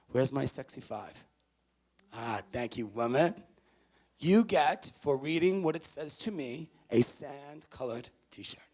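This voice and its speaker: A man speaking as a motivational speaker to a college audience. He is emphatic and repeats his key phrases, swinging from loud to hushed. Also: medium pitch, slightly rough. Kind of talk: motivational talk to students. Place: college event before a student audience.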